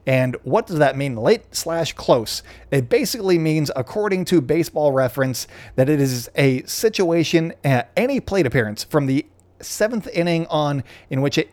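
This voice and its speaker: A man's voice: fairly high pitch, a little mellow, no room sound. A young man hosting a podcast, casually recapping a baseball game in a rambling, chatty way, often correcting himself. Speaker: podcast host.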